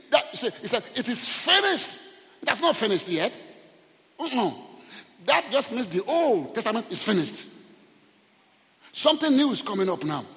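High lively preacher guy, gravelly edge, big echoey church hall. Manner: animated preaching, shouting at peaks, call-and-response. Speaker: pastor. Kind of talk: sermon. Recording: long hall reverb.

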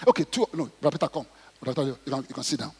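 A middle-aged man preaching a sermon, acting out prayers and Bible stories and rising to shouts. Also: medium pitch, rapid-fire, creaky, husky. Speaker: pastor. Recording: long hall reverb.

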